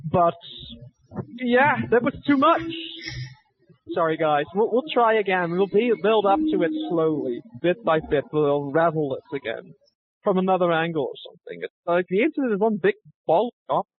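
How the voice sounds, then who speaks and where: A man's voice: high-pitched, a little fast, dry recording. A man co-hosting a casual banter podcast, rambling and self-mocking, on dull lo-fi audio. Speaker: podcast co-host. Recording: dull lo-fi stream audio with faint noise.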